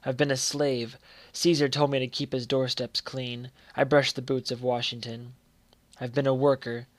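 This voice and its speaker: A man reciting poetry in a measured way, letting the ends of lines fall quiet. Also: mid-range voice, little pitch movement, dry recording. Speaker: poetry reader.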